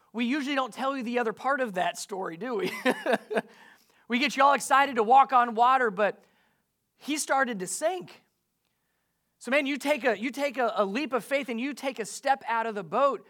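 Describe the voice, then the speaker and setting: A man's voice: very high voice, moderate pace, a bit bright. A man preaching a sermon as a pastor, emphatic and full of rhetorical questions to his listeners.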